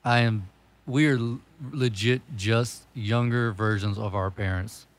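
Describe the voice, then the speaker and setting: A man's voice: on the low side, steady tone, a little slow. A young man hosting a podcast, chatting casually, swearing a lot and laughing through rambling stories. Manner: profane, laughs often, rambling storytelling. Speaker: podcast host. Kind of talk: casual chat.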